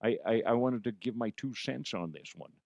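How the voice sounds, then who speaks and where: A man's voice: mid-range voice, moderate pace, creaky, a little mellow, no room sound, muffled recording, lightly acted. A man putting on the voice of a brash, cheeky older man who offers crude, blunt advice.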